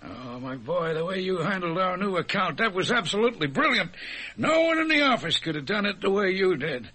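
A man's voice: high voice, very animated, brisk, pushed and bright, husky, heavily acted. An actor playing a jovial, fatherly company boss in an old radio drama, chuckling as he talks. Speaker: boss at an office. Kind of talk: 1950s radio drama acting.

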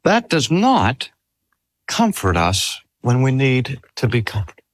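An older man delivers a sermon with measured pacing and a lively voice that rises and falls widely. His voice sits in a middle pitch and the recording is dry and close. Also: no room sound. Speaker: pastor.

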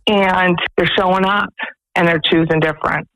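A woman's voice: on the low side, steady tone, moderate pace, fairly bright tone, dry recording, low-quality recording. A woman, director of a pregnancy resource center, earnestly telling stories as a guest on a radio interview in a studio. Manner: earnest storytelling, quoting others.

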